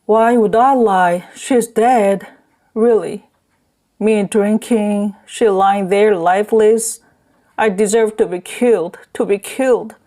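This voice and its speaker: A woman's voice: mid-range voice, fairly even intonation, slow pace, mellow, voice pushed up, close to an everyday voice. A woman reading an audiobook, voicing a drunk middle-aged rickshaw man who bellows and blusters between rage and grief. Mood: grieving.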